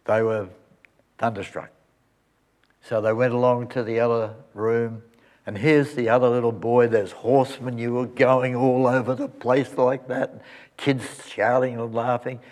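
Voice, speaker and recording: A male pastor telling a story at the close of a sermon and leading a quiet prayer. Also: mid-range voice, little pitch movement, measured pace. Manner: storytelling, then soft reverent prayer.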